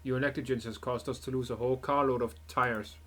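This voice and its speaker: A man reading out a cold, ruthless male mafia boss from a game's story, calm, clipped and dismissive. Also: mid-range voice, a little fast, lightly acted.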